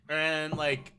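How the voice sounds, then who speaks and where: A man co-hosting a podcast, loud and expressive, telling a story with lots of laughter. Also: on the high side, clean tone, no room sound, clean studio sound. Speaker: podcast co-host. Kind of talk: casual chat, storytelling.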